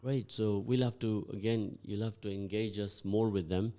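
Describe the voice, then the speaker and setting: Male radio host with a lowish voice; encouraging, talks to listeners directly. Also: steady tone, moderate pace, mellow. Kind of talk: community radio interview.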